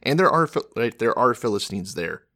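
A man's voice: medium pitch, very animated, a little fast, pushed and bright, no room sound, clean studio sound. A man co-hosting a casual podcast, retelling a Bible story in a sarcastic way, laughing often and swearing. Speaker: podcast co-host.

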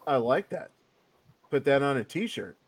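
A man's voice: mid-range voice, sing-song, a little slow, slightly rough. A man hosting a podcast, introducing his co-hosts in a hyped announcer style and leading casual chat. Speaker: podcast host.

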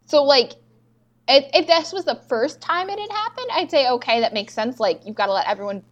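On a podcast she co-hosts, a young woman talks a little fast in a high voice with lively intonation, recounting TV scenes and voicing the characters' lines. The recording is muffled.

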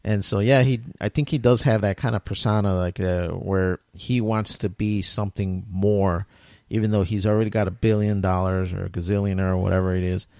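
A man's voice: deep voice, steady tone, brisk, a little mellow, no echo, clean studio sound. A man in casual podcast chat, retelling a story with lots of quoting and fillers.

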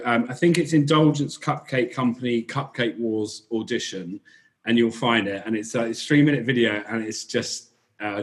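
Rambling English bakery owner in conversation. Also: male voice, mid-range voice. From England. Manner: rambling, filler-heavy, self-correcting. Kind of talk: casual interview chat.

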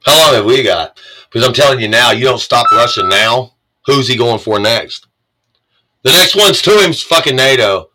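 A man's voice: medium pitch, animated, normal speed, pushed and bright, low-quality recording. A man from the United States ranting angrily and sarcastically, swearing as he reacts to the news he reads. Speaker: commentator reading the news. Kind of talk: profane political rant.

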